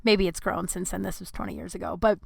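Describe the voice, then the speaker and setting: A woman's voice: lowish voice, fast talker, creaky, darkish tone, slightly rough, no room sound. A woman hosting her podcast, telling a rambling, profane, self-deprecating story in a casual monologue. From Colorado. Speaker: podcast host.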